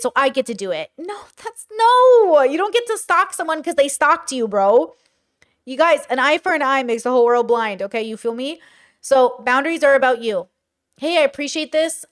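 High-voiced blunt woman commentator. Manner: blunt, animated, slangy, says bro a lot. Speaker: commentary creator. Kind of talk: casual reaction commentary.

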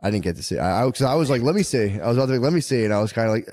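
A man in his thirties co-hosting a podcast, telling profane stories in casual chat and slipping into quick impressions of the people he quotes. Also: mid-range voice, expressive, darkish tone, dry recording, clean studio sound. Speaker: podcast co-host.

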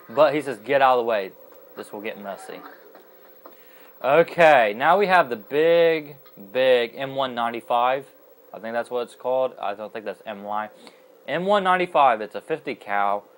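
A young man narrates his gameplay in a casual, chatty way. He rambles and often stops to correct himself. His voice sits at a middle pitch for a man. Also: rough recording. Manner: rambling and chatty, with many fillers and self-corrections. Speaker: gaming video host. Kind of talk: casual let's-play commentary.

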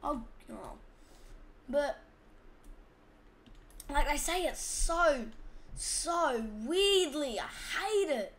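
High-voiced Australian woman, rambling chat. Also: very animated, very slow, long pauses, a bit bright. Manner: rambling, chatty, easily sidetracked. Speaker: gaming channel host. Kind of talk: casual gameplay commentary.

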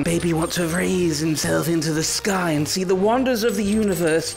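Young male gaming host with a raspy, slightly high voice, playing it melodramatic and snippy over his gameplay. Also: normal speed, hardly any pauses, faint music behind. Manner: mock-dramatic, theatrical scolding with sudden pitch swings. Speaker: gaming YouTuber. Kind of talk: comedic VR gameplay commentary.

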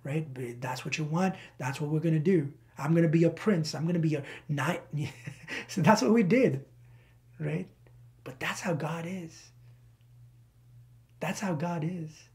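A man in his thirties preaching a sermon as a pastor, animated, slowing down to stress key words. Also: on the high side. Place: church.

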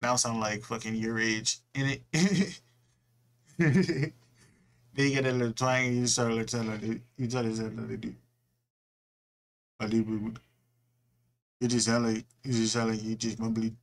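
A man's voice: medium pitch, steady tone, measured pace, pauses often. Rambling, slangy young man from California. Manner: rambling, swears a lot, slangy. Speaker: reaction video host. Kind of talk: casual rambling commentary.

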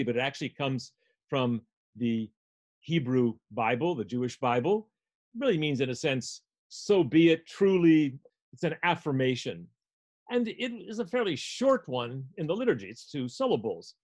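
An older man gives a music lecture at a steady middle pitch, walking listeners through a score with patient explanations. His delivery is clear and instructive, like a recorded class. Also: normal speed.

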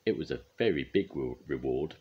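An older man reading a picture book aloud for his grandchildren, lively and expressive. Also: rumbling low, moderate pace, husky, dull audio. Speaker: grandfather storyteller.

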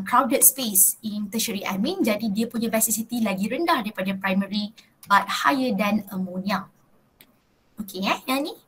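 Malaysian woman teaching chemistry, breathy. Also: medium pitch, rough recording. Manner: mixes Malay and English, checks in with students often. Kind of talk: live online class lecture.

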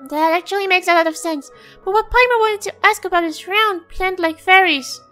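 A woman's voice: very high voice, a little fast, pushed and bright, voice pushed up. A woman voicing a tiny, chirpy female fairy companion who speaks of herself in the third person, as a fan voice-over of game dialogue. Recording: faint music behind.

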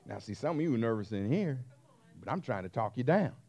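A man preaching a sermon as pastor, emphatic, swinging between hushed asides and loud stressed words. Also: mid-range voice, big pitch swings, a little fast, muffled recording.

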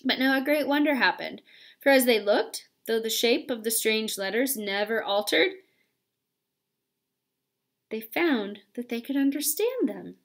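A woman reading a children's novel aloud with expressive, lively storytelling. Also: fairly high pitch, unhurried, pauses often. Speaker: audiobook reader.

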